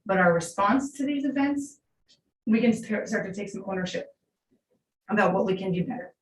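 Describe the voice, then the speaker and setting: A woman's voice: mid-range voice, lively intonation, moderate pace. A woman in her forties, a middle school teacher, speaking earnestly and from the heart during public comment at a school board meeting. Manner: earnest, heartfelt, unscripted storytelling. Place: large meeting room. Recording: echoey room, distant mic, faint hiss.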